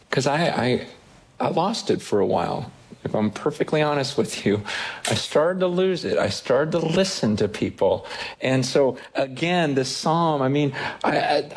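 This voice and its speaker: A man preaching a sermon to a congregation, earnest and searching, acting out the inner voices of doubt and faith. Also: fairly high pitch. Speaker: pastor.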